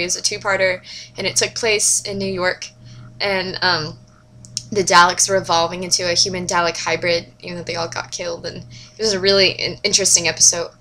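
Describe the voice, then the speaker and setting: Bright-voiced young woman gushing to camera. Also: mid-range voice, slight background noise. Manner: gushing, chatty, fast shifts between whispers and squeals. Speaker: vlogger. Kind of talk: casual fan chat to camera.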